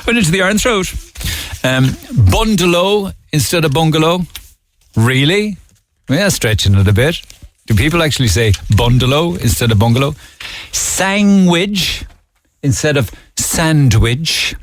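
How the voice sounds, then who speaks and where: Chatty Cork man on radio. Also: mid-range voice. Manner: chatty, amused, reads listener texts aloud. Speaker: radio show host. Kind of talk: casual radio chat. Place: radio studio. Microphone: studio microphone.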